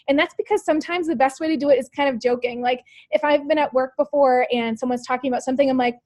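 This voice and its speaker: Peppy fast-talking woman coaching her team. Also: high-pitched, fairly even intonation, a little mellow, no echo. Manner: upbeat, peppy coaching, full of "like" and "you guys"; speaks directly to listeners with rhetorical questions. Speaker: team leader on a sales call. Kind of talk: motivational team call.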